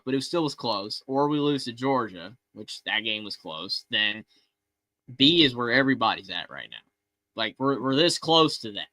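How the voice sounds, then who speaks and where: A man co-hosting a sports call-in show, rambling excitedly and often restarting his sentences. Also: medium pitch, no echo, rough recording. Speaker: co-host of a fan call-in show. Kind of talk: casual sports talk.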